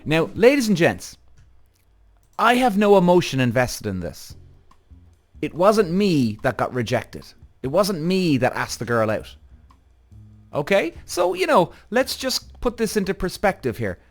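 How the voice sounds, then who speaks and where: A man hosts a podcast, telling a story with a lively, swinging voice that climbs fairly high. He swears freely and talks straight to his listeners. Faint music plays behind him. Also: a little slow. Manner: animated, addresses audience directly, frequent swearing and acted-out quotes. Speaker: podcast host.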